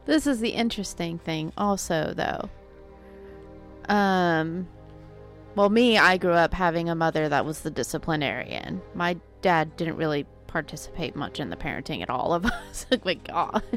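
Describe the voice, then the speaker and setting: A woman's voice: on the low side, lively intonation, normal speed, soft background music. Playful chatty woman podcast co-host. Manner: laughs often, chatty and playful. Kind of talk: casual chat.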